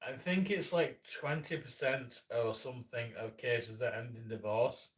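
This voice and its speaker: A man's voice: medium pitch, measured pace, far from the mic. A man in his thirties, an animator chatting casually on a live stream, rambling and self-deprecating, with lots of restarts. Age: 30s.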